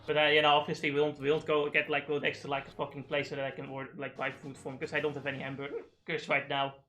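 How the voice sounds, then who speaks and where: Young man streaming a game, hiccuping, rambling and profane, high bright voice. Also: completely flat delivery, quick pace, soft background music. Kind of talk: live gaming stream chat.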